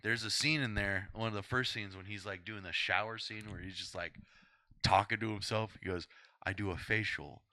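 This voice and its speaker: A young man hosting a podcast in casual chat, excitable and swearing freely as he trips over his own sentences. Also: lowish voice, brisk, no room sound, studio quality. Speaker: podcast host.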